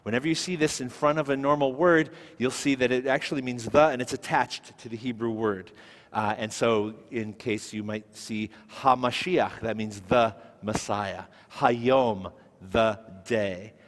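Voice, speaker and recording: A man's voice: mid-range voice, steady tone, a little slow. Patient male Hebrew teacher in echoey hall. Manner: patient, explains step by step, asks the class questions. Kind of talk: classroom lesson.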